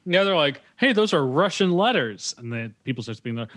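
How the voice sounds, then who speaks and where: A man's voice: on the high side, very animated, fairly quick, a bit bright. A man co-hosting a casual movie recap, retelling scenes laid-back and quoting characters in put-on accents. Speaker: podcast co-host.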